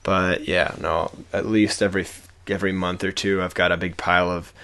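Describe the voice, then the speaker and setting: A man co-hosting a podcast about woodcarving, talking in a low-key, self-deprecating way that trails off at the ends of thoughts. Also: flat delivery, fairly quick, creaky, bright, forceful tone. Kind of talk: casual chat.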